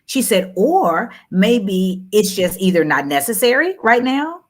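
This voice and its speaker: Woman in her thirties, guest on a talk show; candid, animated storyteller who repeats herself for emphasis. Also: measured pace, few pauses. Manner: animated, repeats phrases for emphasis, jumps high when quoting.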